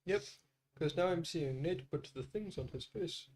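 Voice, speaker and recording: Deadpan joking man at a game table. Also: fairly high pitch, normal speed. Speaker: player. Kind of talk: casual tabletop game chat.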